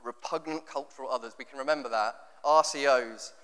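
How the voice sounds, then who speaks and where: A man's voice: mid-range voice, fairly quick, a bit bright, smooth. A man preaching a sermon in a conversational, jokey way, often acting out what people say. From England. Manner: conversational, jokey, acts out quotes. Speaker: pastor. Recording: long hall reverb.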